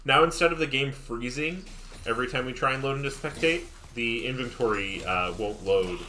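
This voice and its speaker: A young man casting a live esports stream, chatty and quick to laugh as he reads the chat. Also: mid-range voice, pushed and bright, a little hiss or hum. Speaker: esports caster. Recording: jazz music playing behind.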